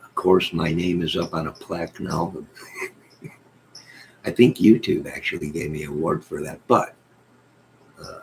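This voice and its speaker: A man's voice: deep voice, fairly even intonation, a little hiss or hum, low-quality recording. A man hosting a casual livestream, reading his chat and telling rambling, joking stories. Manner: rambling, joking storyteller with drawn-out asides. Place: at home in bed.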